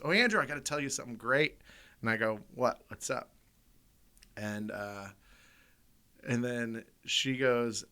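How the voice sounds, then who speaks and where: Jasny, rubaszny amerykański gospodarz podcastu. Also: male voice, medium pitch, pushed and bright, smooth. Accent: American. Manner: profane, laughs through his stories. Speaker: podcast co-host. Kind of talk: casual storytelling.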